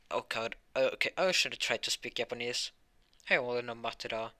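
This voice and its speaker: A man's voice: medium pitch, a little fast, bright, forceful tone. A man improvising a fan story, rambling with restarts and casual asides.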